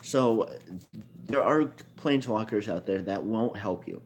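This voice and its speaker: Male video maker with a lower voice, loose unscripted delivery that doubles back on itself and keeps correcting itself. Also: a little slow, a little hiss or hum. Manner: rambling, self-correcting, thinks aloud. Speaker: card game video maker. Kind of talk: casual explainer monologue.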